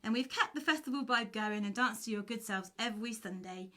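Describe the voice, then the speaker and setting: A woman's voice: a little high, brisk. A woman musician from Cornwall hosting a live stream, chatting casually, laughing often and reading out viewer messages. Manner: giggly, often breaks into laughter; reads out viewer messages warmly.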